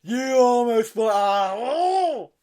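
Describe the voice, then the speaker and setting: A man's voice: very high-pitched, expressive, slow pace, warm tone. A man co-hosting a podcast, bluntly joking and swearing in casual banter. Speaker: podcast co-host.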